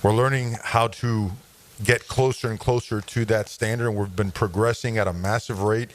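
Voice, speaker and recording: A man being interviewed on the radio as a football coach, talking in an energetic, emphatic way. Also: fairly low pitch, moderate pace. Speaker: guest coach.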